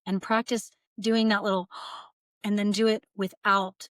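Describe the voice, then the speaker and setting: A woman voice coach, seated in her small studio, calmly guiding listeners through breathing and projection exercises. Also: medium pitch, measured pace, no echo. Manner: calm, guiding, breaks into vocal demonstrations. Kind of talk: instructional voice lesson. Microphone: seated at camera.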